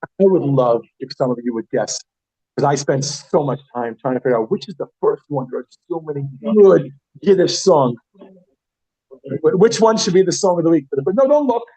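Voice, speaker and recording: A man teaching a Yiddish class, chatty and animated, often restarting his sentences as he talks to the room. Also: fairly high pitch, normal speed, slightly rough, no room sound, poor audio. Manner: animated, chatty, self-interrupting. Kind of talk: classroom lesson.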